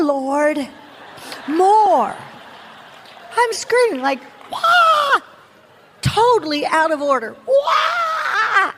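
A woman preacher giving an animated testimony sermon, telling her story with bursts of laughter and screaming. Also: extremely high pitch, in a large hall, background noise.

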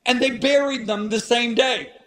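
A man with a very high speaking voice delivers a sermon as a dramatic story. He acts out the people he quotes. His delivery swings from hushed to shouted. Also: fairly even intonation, normal speed. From Italian-American. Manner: shifts between hushed and shouted. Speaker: preacher.

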